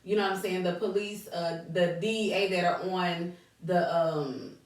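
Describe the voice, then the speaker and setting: A middle-aged woman co-hosting a casual podcast with her husband, talking in an animated way and laughing often. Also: fairly low pitch, normal speed. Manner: animated, laughing, quotes people in put-on voices. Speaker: podcast co-host. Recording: echoey room, mic at a distance.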